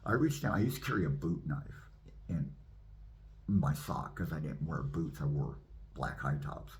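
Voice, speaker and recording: Brief: low-voiced male minister, animated testimony storyteller. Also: measured pace, gravelly. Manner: animated, acts out scenes. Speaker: minister giving his testimony.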